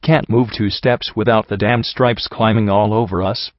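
A man's voice: lowish voice, steady tone, normal speed, dry recording, highs cut off, natural voice. A man doing a snappish pony soldier. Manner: clipped, snappish. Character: gruff male pony soldier, tense and irritable.

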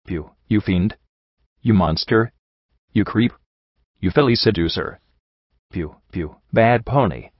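A man voicing a tearful young female pegasus pony, speaking in a low voice with emotional, pleading delivery. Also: slow pace, pauses often, no room sound, highs cut off. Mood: angry, tearful.

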